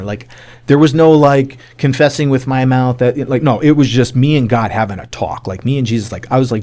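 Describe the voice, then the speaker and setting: A man's voice: mid-range voice, a little fast, warm tone. A man, a podcast guest, telling a personal testimony in an emotional storytelling way, full of fillers and acted-out bits of dialogue. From United States.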